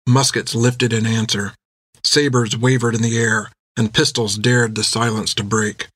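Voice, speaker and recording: A man reading an adventure novel aloud in steady, measured scripted narration. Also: medium pitch, husky, no room sound. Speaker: audiobook narrator.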